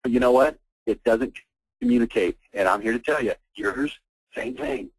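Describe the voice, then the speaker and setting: A man giving a fired-up, blunt sales pitch as host of a marketing webinar on an online call. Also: huge pitch swings, moderate pace, vocal fry, slightly rough, no echo, low-quality recording. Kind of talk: persuasive sales presentation.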